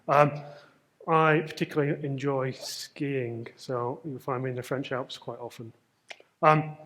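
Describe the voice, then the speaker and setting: A man with a northern English Manchester accent presents at a conference. His voice sits a little high, and he talks casually with plenty of ums and self-deprecating asides. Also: fairly bright tone. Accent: Mancunian English. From Manchester, northern England. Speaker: conference speaker. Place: conference stage.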